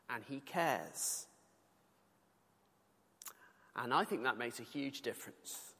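A man's voice: mid-range voice, fairly bright tone. A British man preaching a sermon, earnest and conversational, with colloquial asides while reading scripture. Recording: long reverb of a large hall.

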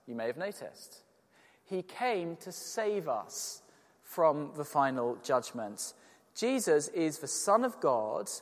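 Earnest preacher in an echoing church. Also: male voice, fairly high pitch. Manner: earnest, emphatic, with rhetorical questions. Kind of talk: sermon. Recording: long church reverb.

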